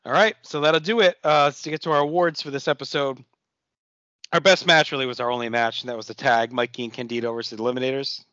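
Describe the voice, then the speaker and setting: A man's voice: mid-range voice, fairly even intonation, fast talker, pushed and bright, dry recording, lo-fi sound. A man co-hosting a podcast, casually recapping wrestling shows and swearing freely. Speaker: podcast co-host.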